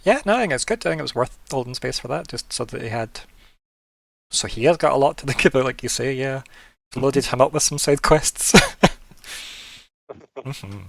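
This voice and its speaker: Relaxed man running a tabletop game. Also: medium pitch, normal speed, gravelly, pauses often, no echo. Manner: relaxed, laughs often, lots of "like" fillers. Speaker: game master. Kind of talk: casual tabletop game narration.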